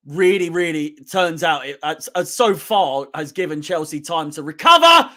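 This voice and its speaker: A man hosting a fan watch-along, calmly breaking down the match between bursts of shouting and swearing at the players. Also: on the high side, normal speed, few pauses. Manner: swings from calm analysis to shouting and swearing at players. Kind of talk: excitable fan match commentary.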